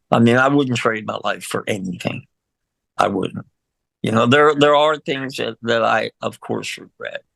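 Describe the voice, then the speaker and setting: Gravelly older man, rambling and emotional. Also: medium pitch, fairly bright tone, no room sound. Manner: rambling, emotional, laughs often, frequent fillers. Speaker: guest musician. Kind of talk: casual interview.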